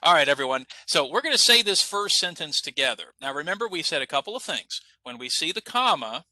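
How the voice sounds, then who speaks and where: Male ESL teacher, upbeat coach, bright animated voice, dry close mic. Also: a little high, brisk, no echo, rough recording. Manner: upbeat, coaching students to repeat. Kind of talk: online class instruction.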